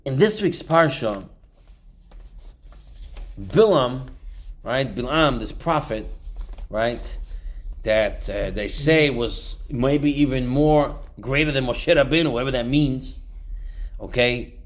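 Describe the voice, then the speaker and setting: A man's voice: mid-range voice, takes it slowly, pauses often. A man teaching an informal Torah class, telling stories and acting out the quotes. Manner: animated storyteller, acts out quotes. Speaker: rabbi.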